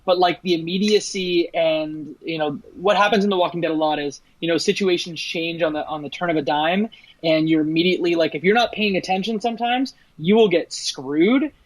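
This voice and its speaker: Higher-voiced man in casual podcast chat. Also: fairly quick, dry recording, poor audio. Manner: chatty, leans on "like" and "you know". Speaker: podcast co-host. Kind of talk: casual chat about a video game.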